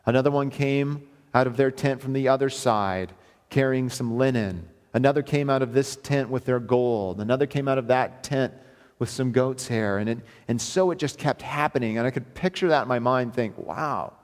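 A man's voice: medium pitch, moderate pace. A man preaching a verse-by-verse sermon in an earnest, emphatic way, often repeating his phrases. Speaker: pastor. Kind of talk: expository sermon. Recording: long hall reverb.

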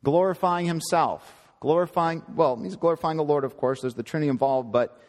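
A man's voice: a little high, a little fast, a little mellow, big-room sound. A man preaching a sermon in an earnest, emphatic teaching manner, often repeating and correcting himself.

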